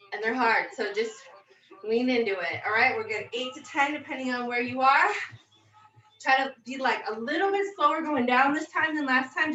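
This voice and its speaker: Between sets, a young fitness instructor cheers on her home workout, breathless but encouraging. She has a high, slightly bright voice with a roomy sound, captured on dull lo-fi audio over faint music.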